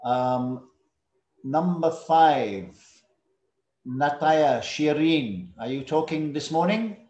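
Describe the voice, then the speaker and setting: A man teaching English to students over a video call. He is patient, drills words slowly, calls on students by name and drops in Indonesian classroom words. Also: a little high, animated, mellow, reverberant, muffled recording.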